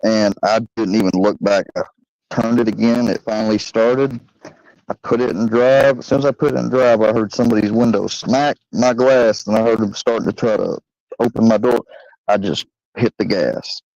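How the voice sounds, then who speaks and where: Rambling through a long story laced with swearing, a young man hosting a channel uses lots of fillers and acts out quotes. His fairly low, creaky, slightly mellow voice keeps a fairly even intonation at normal speed, and the home recording is dry and slightly dull.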